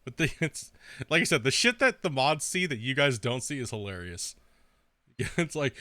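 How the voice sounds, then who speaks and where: A man's voice: mid-range voice, big pitch swings, moderate pace, sharp tone, no room sound, studio quality. A young man streaming a video game in casual chat, trash-talking with heavy profanity, laughing often and rambling with filler words.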